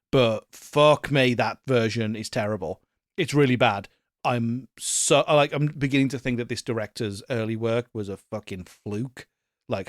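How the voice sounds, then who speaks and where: Male podcast co-host, mid-pitched, animated and sweary, dry close mic. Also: dry recording. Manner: animated, laughing often, sweary. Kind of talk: casual chat.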